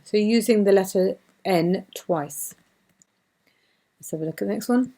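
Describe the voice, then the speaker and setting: Patient woman teaching beginners, mellow voice. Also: medium pitch. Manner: patient, repeats words slowly for learners. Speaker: Quran reading teacher. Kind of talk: beginner lesson narration.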